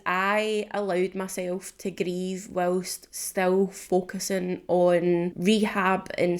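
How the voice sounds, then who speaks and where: A woman's voice: mid-range voice, clean tone. A young woman hosting a solo podcast, talking candidly and rambling a little, laughing often and swearing casually. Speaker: podcast host.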